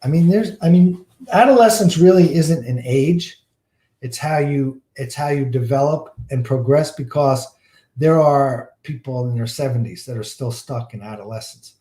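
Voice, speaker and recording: A man's voice: mid-range voice, moderate pace, warm tone, roomy sound. A man, a pastor, teaching a church class with a folksy storytelling manner, often repeating words and using fillers.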